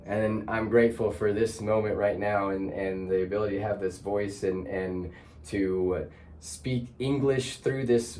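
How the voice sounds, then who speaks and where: A man's voice: on the low side, fairly even intonation, unhurried, darkish tone, slight background noise. A man hosting a heartfelt conversation, talking in a reflective, searching way with many restarts. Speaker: host.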